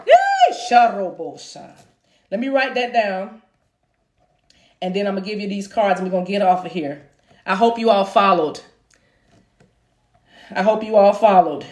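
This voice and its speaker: A woman's voice: medium pitch, sing-song, normal speed, pauses often. A woman leading a live-streamed spiritual reading, with a rhythmic, preacher-like delivery. She breaks into chanted tongues and calls her listeners "baby". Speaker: spiritual reader and channel host. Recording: roomy echo.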